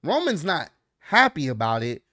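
A man's voice: on the high side, huge pitch swings, normal speed, pushed and bright, no echo, studio quality. A man casually recapping a show in a loose, rambling way, full of fillers and slang. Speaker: wrestling recap vlogger.

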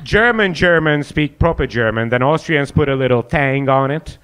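A man's voice: mid-range voice, moderate pace, fairly bright tone, smooth. A young man doing stand-up crowd work, riffing with the audience and acting out mocking voices in a comedy club. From Hungary and South Africa.

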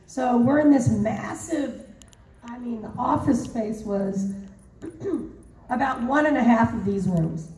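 A woman voice actor telling stories at a convention panel, animated and laughing, with many fillers. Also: a little high, takes it slowly, slight background noise. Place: large convention hall. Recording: roomy hall, mic far off.

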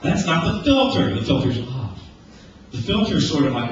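A man in his forties preaching a casual, conversational sermon. He jokes and acts out everyday conversations in lively voices. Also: fairly high pitch, moderate pace. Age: 40s. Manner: animated and joking, acting out everyday dialogue. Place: church sanctuary. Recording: echoey church, distant, dull lo-fi with hiss.

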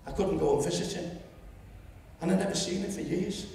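Seventies Liverpool man, gravelly, public speech, roomy distant hall sound. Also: high-pitched, fairly quick, a little hiss or hum. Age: 70s. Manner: storytelling, rising to loud indignation. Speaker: public meeting speaker. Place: lecture hall. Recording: echoey hall, distant mic.

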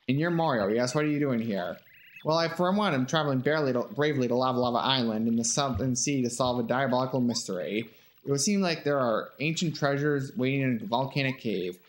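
A man reading a game aloud, putting on a pompous gentleman explorer with plummy, old-fashioned phrasing. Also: mid-range voice, close to an everyday voice.

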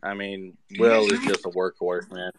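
A man's voice: sits low, level tone, normal speed, noisy background. A man leading a crypto project, chatting casually on an online call and often repeating phrases as he talks.

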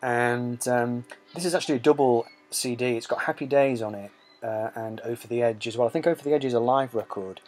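A man's voice: medium pitch, fairly quick, darkish tone. A man hosting a casual talk about records, rambling with many fillers. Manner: rambling, many ums and uhs. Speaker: host. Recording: music playing behind.

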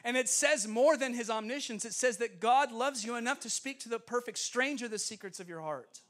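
In a church sanctuary, a young man preaching as a guest speaker uses a very high voice that runs a little fast. His sermon storytelling is animated and laughter-filled, and he acts out the voices of the people he describes.

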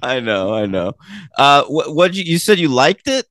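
A man's voice: mid-range voice, big pitch swings, moderate pace, a bit bright, dry recording. A man hosting a film podcast in casual chat, teasing his co-host and blunt in his opinions.

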